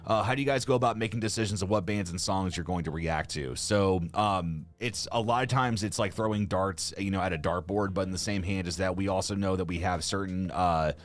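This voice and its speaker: A man's voice: low voice, fairly quick, few pauses. A man co-hosting a casual live stream, rambling with lots of fillers and frequent laughs. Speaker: co-host of a music reaction channel. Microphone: studio microphone.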